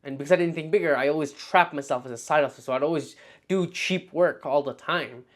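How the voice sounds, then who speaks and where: A young man talking casually to camera as a vlog host, telling animated stories and acting out his past thoughts, with lots of "like.". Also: on the high side, fairly quick. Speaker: freelance marketer and video host.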